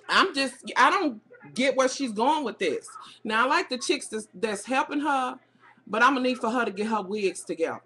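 A woman's voice: on the high side, lively intonation, moderate pace, bright, forceful tone, slightly rough. A middle-aged woman with a Southern US accent, ranting bluntly and profanely about reality TV on a webcam. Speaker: vlogger. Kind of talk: casual reality TV rant.

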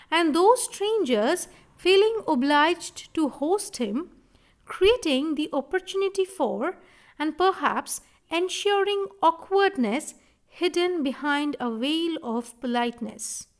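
A woman teaching a literature class, reading a story aloud and explaining it in a measured, deliberate way. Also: sits high, animated. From India.

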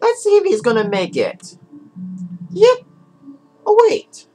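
Giggly woman with wildly swinging pitch. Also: wildly swooping pitch, measured pace, darkish tone, breathy edge. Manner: rambling, giggly, keeps saying "so anyway"; voice jumps suddenly into a squeaky high register. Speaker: channel host. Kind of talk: casual watch-along commentary.

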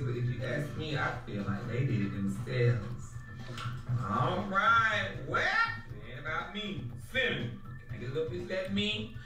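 Sassy high-pitched man dishing gossip. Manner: sassy, dramatic, campy slang. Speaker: show host. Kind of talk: gossip commentary. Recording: echoey room from far off, music behind.

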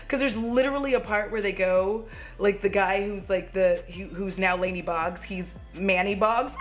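A woman in her thirties rants through a casual movie review from home, animated, laughing and swearing as she goes. Her voice sits at a middle pitch for a woman, with faint music playing softly underneath. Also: normal speed.

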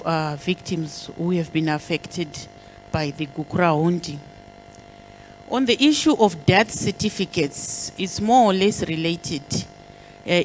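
A woman government official giving a formal public address, speaking in a deliberate, measured way with frequent pauses and stressed key words. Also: on the low side, slight background noise, rough recording.

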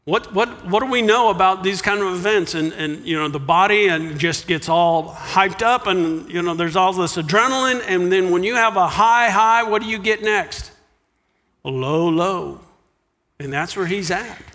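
A man preaching a sermon as pastor, animated, dropping to a hush for quiet lines. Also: sits high, normal speed, big-room sound. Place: church sanctuary.

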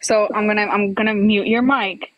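A woman moderating a livestream who calmly explains her complaint point by point. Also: medium pitch, moderate pace, muffled recording, a loud crowd. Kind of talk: casual livestream chat.

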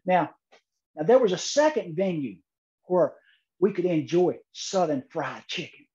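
Slow, mellow humorous speechmaker man. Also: sits high, very animated, dull audio. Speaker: keynote speaker.

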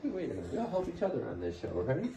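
A woman's voice: rumbling low, wildly swooping pitch, fast, warm tone. A woman in playful casual banter, teasing and laughing a lot. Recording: noisy background hiss.

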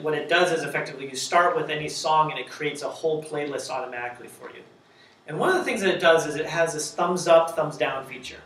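A man's voice: sits high, a bit bright, far from the mic, a little hiss or hum. Man, conference speaker, joking, rhetorical questions, echoey lecture hall. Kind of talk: conference talk.

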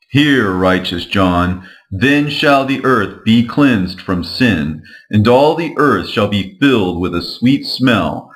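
A man reading an ancient scripture aloud in a slow, measured and grave manner. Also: mid-range voice. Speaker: scripture reader.

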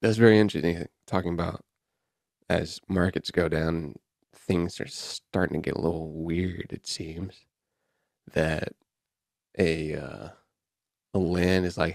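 A man's voice: deep voice, steady tone, unhurried, vocal fry, long pauses, a little mellow, no room sound, studio quality. A man hosting a podcast, chatting offhand and wry while reading headlines aloud and riffing on them. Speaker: podcast host. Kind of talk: casual podcast chat, reading news aloud.

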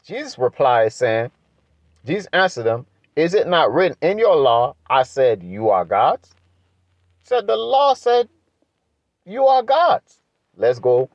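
A man teaching from the Bible in a preaching style, asking rhetorical questions and building to emphatic high-pitched points. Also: no room sound, dull audio. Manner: emphatic, rises sharply in pitch when pressing a point; asks rhetorical questions, adds "right?".

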